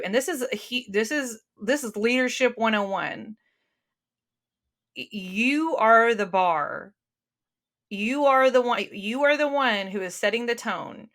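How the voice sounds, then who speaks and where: Her medium-pitched voice carries a fairly bright tone as this interview guest speaks sincerely and casually over a remote call. She talks from the heart, full of fillers and restarts.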